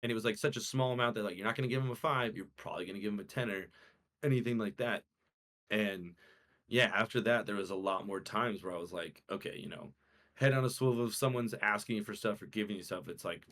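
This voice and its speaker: On a casual podcast, a young male co-host with a fairly low voice speaks fast as he tells an animated story. He acts out the quotes, swearing along the way.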